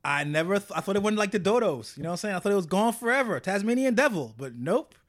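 A man co-hosting a casual comedic chat, joking and quick, often stammering and restarting his sentences. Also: sits high, expressive. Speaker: podcast co-host.

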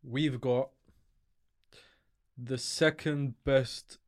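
A man's voice: mid-range voice, steady tone, extremely slow. A young man, co-hosting a podcast, teasing the others and laughing a lot. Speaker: podcast co-host. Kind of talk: casual banter.

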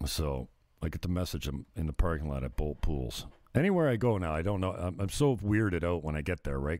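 A man with a very low voice hosts his own livestream, ranting in a loose, profane ramble. He drifts off topic and chuckles at his own jokes. The sound is dry and close, with no room echo. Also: lively intonation, brisk, few pauses, a little mellow. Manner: profane, sidetracked, laughs at himself. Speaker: livestream host. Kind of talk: casual rambling rant.

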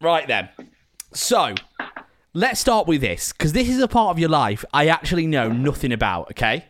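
A man's voice: on the high side, big pitch swings, normal speed, a bit bright. A man hosting a podcast, joking and teasing in a casual chat. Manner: jokey, playful, teasing. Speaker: podcast host.

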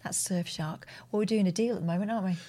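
A woman co-hosting a live show, chatting casually with brisk, dry remarks. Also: medium pitch, dark tone. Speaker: co-host. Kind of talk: casual live-stream chat.

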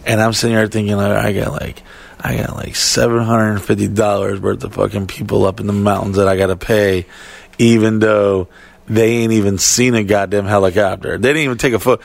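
A man with a gravelly, creaky voice spins a rambling, profanity-laden story in casual podcast chat. He circles back with fillers and restarts. The sound is close and dry, with no room around it. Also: fairly low pitch, flat delivery, a little fast, no room sound.

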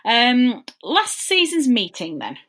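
A woman's voice: fairly high pitch, huge pitch swings, takes it slowly, fairly bright tone. A woman with an East Lancashire, Burnley accent, hosting a casual football podcast and asking questions in an upbeat, chatty way. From Burnley, England. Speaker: podcast host.

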